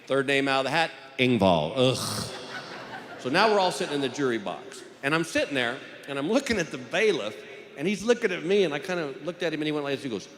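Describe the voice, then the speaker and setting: A man's voice: on the high side, fairly bright tone. A middle-aged man doing a stand-up comedy routine, telling a folksy story and acting out the courtroom voices. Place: large theater stage with live audience. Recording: live hall recording with audience. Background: audience laughter.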